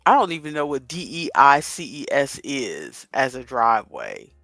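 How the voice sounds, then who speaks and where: Chatty man in his fifties, lively pitch. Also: normal speed, no room sound, soft background music. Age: 50s. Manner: chatty, thinks aloud while solving a crossword. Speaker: livestream host. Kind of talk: casual livestream chat. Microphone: headset with headphones.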